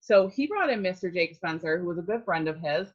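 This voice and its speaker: A woman giving a personal testimonial in an earnest way, often pausing with fillers. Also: fairly low pitch, lively intonation, dull audio. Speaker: network marketing distributor.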